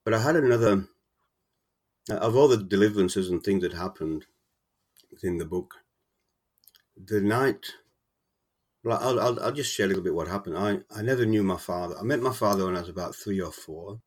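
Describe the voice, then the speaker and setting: Man, interview guest, low and husky, halting and earnest. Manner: halting, repeats words, earnest and emotional. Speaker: author guest. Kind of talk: casual interview, personal testimony.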